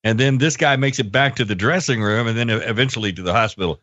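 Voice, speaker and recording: A man co-hosting a podcast in casual chat, reacting with amazement and asking halting questions. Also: medium pitch, fairly bright tone, dry recording. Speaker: podcast co-host. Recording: dry, dull lo-fi sound.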